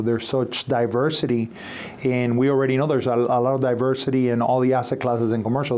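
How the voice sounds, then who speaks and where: A man co-hosting a podcast in casual chat, measured and speaking in long flowing points. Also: medium pitch, a little mellow. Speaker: podcast co-host.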